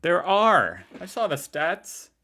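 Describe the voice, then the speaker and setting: A man's voice: sits high, wildly swooping pitch, slow pace, sharp tone. A man from the northeastern United States hosting a reaction video, chatting casually and joking along. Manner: laid-back, joking, chatty.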